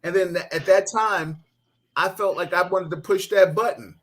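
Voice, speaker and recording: Animated middle-aged male show host. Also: high-pitched, normal speed. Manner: animated storyteller who laughs and mimics people. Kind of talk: casual talk show chat.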